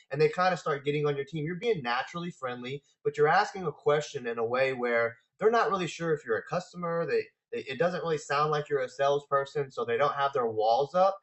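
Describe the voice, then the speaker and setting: A man hosting a talk, relaxed and casual, answering viewer questions on sales with frequent fillers and restarts. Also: on the high side, fast talker, hardly any pauses.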